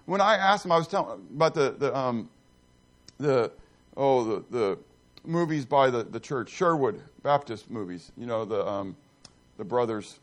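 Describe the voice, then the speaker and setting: A pastor preaching a conversational sermon in church, asking the congregation questions and breaking off into asides with many restarts. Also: male voice, mid-range voice.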